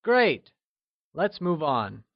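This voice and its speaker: A man narrating a scripted language lesson, slow and encouraging, with deliberate explanations. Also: a little high, big pitch swings, creaky, no echo, dull audio. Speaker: language teacher.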